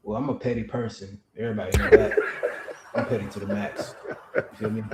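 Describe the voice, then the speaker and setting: A man's voice: fairly low pitch, little pitch movement, fairly quick, echoey room, over a noisy crowd. A man co-hosting a casual gaming podcast, joking and laughing as he talks. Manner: joking, laughing while talking. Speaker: podcast co-host.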